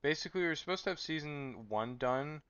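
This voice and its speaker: A man's voice: on the high side, lively intonation, fast, fairly bright tone, smooth, no room sound. A sleep-deprived man streaming late at night, chatting casually and rambling with stammered restarts. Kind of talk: casual live stream chat. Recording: dull lo-fi mic.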